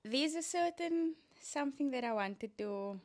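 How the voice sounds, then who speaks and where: A woman's voice: high-pitched, lively intonation, unhurried. Chatty woman hosting a solo podcast. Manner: chatty, coaching, with playful asides. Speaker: podcast host. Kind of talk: casual solo podcast talk.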